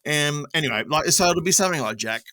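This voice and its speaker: A man's voice: a little high, expressive, fast, bright, forceful tone, dry recording, studio quality. A man with an Australian accent co-hosting a podcast, joking and teasing in casual banter and laughing often. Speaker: podcast co-host.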